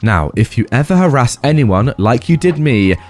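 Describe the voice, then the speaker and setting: A man voicing a calm, mock-polite male policeman, with music playing faintly behind. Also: medium pitch, moderate pace.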